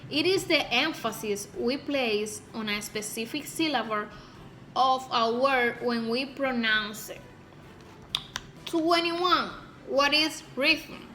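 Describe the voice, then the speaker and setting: A woman's voice: high voice, sharp tone. A young woman from the Dominican Republic with a Dominican Spanish accent, reading out exam answers carefully as a student. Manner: careful, deliberate, spelling words out.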